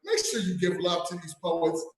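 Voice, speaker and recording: A man's voice: sits high, lively intonation, normal speed, crowd noise. A man from California hosting a live poetry event, talking in a loose, chatty way with many fillers. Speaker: event host. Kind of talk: casual emcee talk at a live poetry event. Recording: very echoey room.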